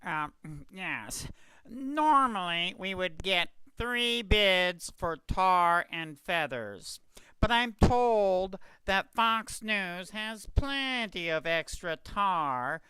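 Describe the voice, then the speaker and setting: A man's voice: sits high, expressive, extremely slow, pushed and bright, clear, resonant tone, no room sound, full character voice, low-quality recording. A man voicing a smarmy staff official reading a report in a satirical cartoon, hesitant and snide.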